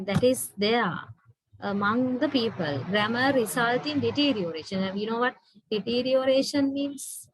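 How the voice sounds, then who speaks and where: A woman's voice: on the high side, no room sound, rough recording. Woman lecturer with a Sri Lankan accent. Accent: Sri Lankan English. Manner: patient, explanatory, keeps checking with "right?". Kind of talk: online university lecture.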